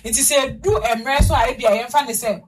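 A woman's voice: fairly high pitch, a little fast. A Ghanaian woman co-hosting a radio talk show, chatting casually and slipping English phrases into her speech. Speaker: radio co-host.

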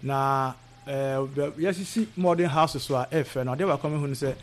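A man's voice: a little high, fast talker, a little hiss or hum. A man from Ghana, a guest in a casual interview, talking with many hesitations and restarts.

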